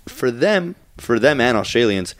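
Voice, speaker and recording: A man from the United States co-hosting a casual podcast, his pitch swinging widely as he talks. He speaks bluntly, and the sound is dry and close. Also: a little slow, no room sound. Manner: blunt, animated. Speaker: podcast co-host. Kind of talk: casual chat.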